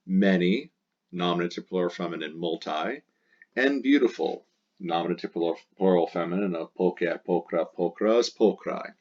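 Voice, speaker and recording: Deep-voiced man teaching a lesson. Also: lo-fi sound. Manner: patient, step-by-step, repeats key words. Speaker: Latin teacher. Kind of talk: explaining a textbook exercise.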